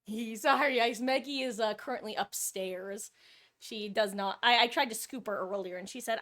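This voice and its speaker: Woman, casual live-stream chatter, slightly high-pitched, coos softly at her cat. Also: normal speed.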